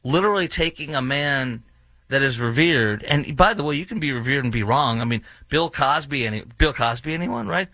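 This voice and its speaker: A man's voice: medium pitch, a little fast, bright, forceful tone, no echo. A man hosting a talk radio show, ranting indignantly with sarcastic asides. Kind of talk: opinionated radio commentary.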